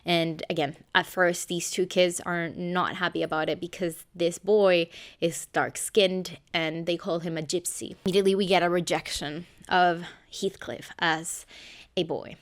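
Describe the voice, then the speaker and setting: Low, smooth-voiced woman reviewing a novel. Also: steady tone. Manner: measured, reading from a script. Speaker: book reviewer. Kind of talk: scripted book review.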